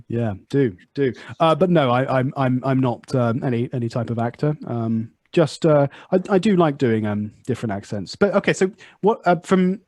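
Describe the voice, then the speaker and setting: A young man with a standard southern British accent talks in a relaxed, rambling way, full of ums and restarts. His voice sits at a middling pitch. The recording is dry and close, with no room sound. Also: moderate pace, no room sound. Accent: standard southern British English. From United Kingdom. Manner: chatty, many fillers and restarts. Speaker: podcast host. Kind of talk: casual conversation.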